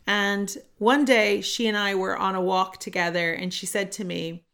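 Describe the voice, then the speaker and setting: A middle-aged woman hosting a solo self-help podcast, telling a personal story in an earnest, animated way. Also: mid-range voice, normal speed, few pauses, smooth. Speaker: podcast host.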